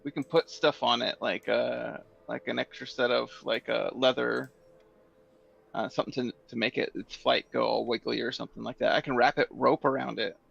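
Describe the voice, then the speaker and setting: A man with a heavily gravelly voice plays a tabletop game and works out his moves hesitantly. His mic sounds dull and lo-fi. His pitch sits in an ordinary range. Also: fairly even intonation, normal speed, fairly bright tone. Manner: hesitant, full of restarts. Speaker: player. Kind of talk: casual tabletop game chat.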